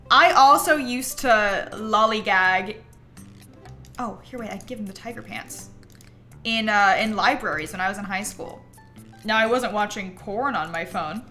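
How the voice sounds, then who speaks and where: A woman's voice: mid-range voice, moderate pace, long pauses, soft background music. A young woman streaming a game from home, chatting casually and laughing often. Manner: giggly, excitable, laughs often. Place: home room.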